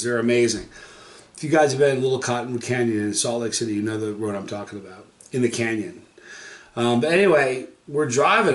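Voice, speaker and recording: A man of middle pitch tells a personal story straight to camera, casual and rambling. He keeps stopping to correct himself. His voice sounds roomy and echoey. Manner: rambling, often corrects himself mid-sentence. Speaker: hot sauce reviewer telling a personal story.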